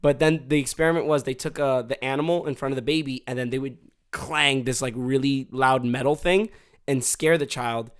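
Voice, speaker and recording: A man's voice: medium pitch, steady tone, fairly quick, clear, resonant tone. A man co-hosting a podcast, telling a story in loose, rambling casual chat. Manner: rambling storyteller, laughs often. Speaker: podcast co-host.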